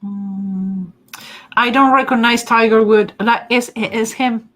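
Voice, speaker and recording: A woman's voice: a little high, fairly even intonation, takes it slowly, a bit bright. A woman with a strong non-native accent, hosting a casual live stream and chatting through viewer comments. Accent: non-native English. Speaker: host and face-reading teacher.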